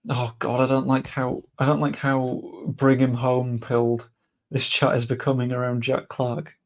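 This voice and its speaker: Young guy, gravelly voice, mutters casual game commentary, swears offhand. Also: medium pitch, level tone, a little slow. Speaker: gaming streamer.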